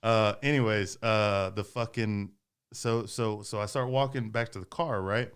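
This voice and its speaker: A man casually telling a long, profane story on a podcast, animated and swearing often. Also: fairly low pitch, measured pace, clean tone.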